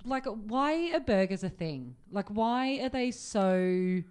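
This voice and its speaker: A woman's voice: a little high, expressive, slow pace, darkish tone. A woman co-hosting a radio show, chatting in an easygoing, giggly way. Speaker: radio host. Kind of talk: casual radio banter.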